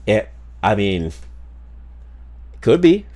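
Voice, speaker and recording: A man's voice: lowish voice, sing-song, very slow, mellow. A man streaming live, chatting casually with his viewers in a playful, rambling way with lots of repeats and laughs. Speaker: streamer reacting to videos and reading chat.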